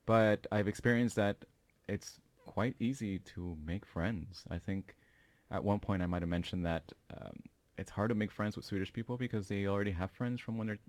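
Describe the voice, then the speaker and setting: A man's voice: sits low, darkish tone, no echo. An American man talking as a guest in a casual chat, easygoing and loose, with lots of fillers. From United States. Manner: easygoing, many "you know" fillers.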